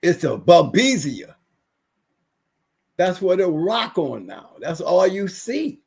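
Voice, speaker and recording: High-voiced man ranting on a livestream. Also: sing-song, slow pace, creaky, breathy edge. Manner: ranting, repetitive, emphatic. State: recovering from illness. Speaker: livestream guest. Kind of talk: casual livestream rant.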